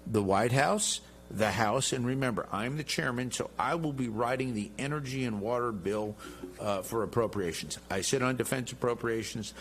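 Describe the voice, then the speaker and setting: In interview talk at a normal pace, a middle-aged guest congressman speaks in a medium-pitched voice. He comes across as jovial, boastful and emphatic.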